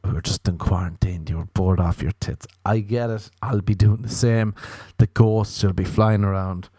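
Low-voiced Irish man rambling comically. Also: steady tone, moderate pace, warm tone, slightly rough, no room sound, clean studio sound. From Ireland. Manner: rambling, profane, jumps into playful quoted voices. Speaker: podcast host. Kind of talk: casual comic monologue.

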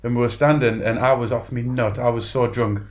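A man's voice: mid-range voice, brisk. A man, co-hosting a casual podcast chat and telling stories with frequent laughter. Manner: laughing storyteller, chatty and animated. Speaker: podcast co-host.

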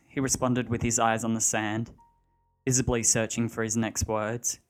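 A man reads a dark story aloud at a steady pace. His voice sits in a middle register, with quiet music running under the narration. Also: mid-range voice, moderate pace.

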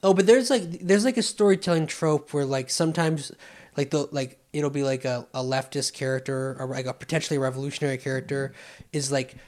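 A man's voice: medium pitch, steady tone, a little fast, a little mellow. A man chatting casually with friends, rambling with many restarts and fillers. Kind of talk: casual chat.

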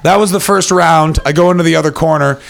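A man from Canada doing stand-up comedy, telling a story to a live audience and acting out other people's lines in quick voices. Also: on the high side, creaky. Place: stage before a live audience.

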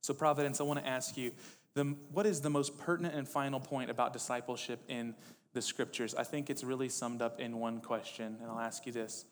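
A man's voice: medium pitch, in a large hall, slight background noise. A male pastor preaching a sermon, reading quotes with rising intensity between casual asides.

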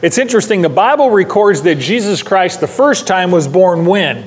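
A man's voice: high voice, animated, moderate pace, hardly any pauses. A pastor preaching a sermon in a church, stressing his points by repeating them. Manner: emphatic, repeats key lines for stress. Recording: long hall reverb.

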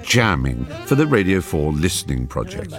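A man narrates a radio documentary with a witty, playful touch. His pitch roams widely, rising and dipping expressively from phrase to phrase. Soft music sits faintly beneath his voice. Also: sing-song, normal speed. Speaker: presenter.

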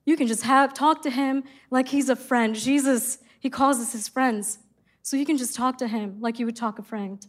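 A high-pitched middle-aged woman delivers a sermon in an earnest storytelling manner. She reads scripture and recounts a personal story. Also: normal speed. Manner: earnest storytelling, exclaims in quoted excitement. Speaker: preacher.

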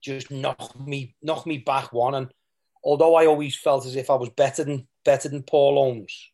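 A man's voice: mid-range voice, steady tone, normal speed, dark tone. Male guest, ex-player, candid and rambling as he recalls his playing days. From England. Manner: rambling, with restarts and quoted asides. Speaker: former footballer, guest. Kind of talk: candid interview storytelling.

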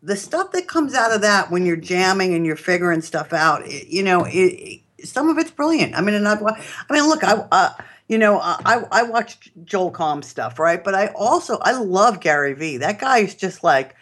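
A woman's voice: mid-range voice, sing-song, normal speed, few pauses, a bit bright. Chatty, enthusiastic woman with a New York accent. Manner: chatty and rambling, with many fillers and restarts; enthusiastic, laughs while talking. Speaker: podcast guest. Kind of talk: casual interview chat.

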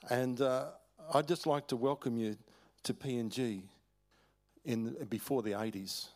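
An older Australian man gives a sermon at church, speaking in a folksy, storytelling way. His voice sits at an ordinary middle pitch. He often chuckles and stops to restart his thoughts. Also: steady tone, unhurried, darkish tone. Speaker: preacher. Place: church hall.

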